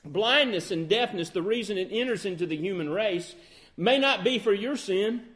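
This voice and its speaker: A man preaching a sermon, asking questions and answering them, swinging between loud emphatic outbursts and quiet, low phrases. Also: lively intonation, normal speed.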